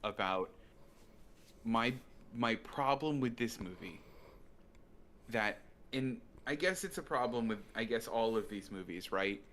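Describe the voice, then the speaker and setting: A man's voice: fairly low pitch, animated, a little slow, long pauses, fairly bright tone, slight background noise. Man making a point on a movie podcast. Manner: argumentative, builds a point with "right?". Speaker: podcast co-host. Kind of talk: casual movie review chat.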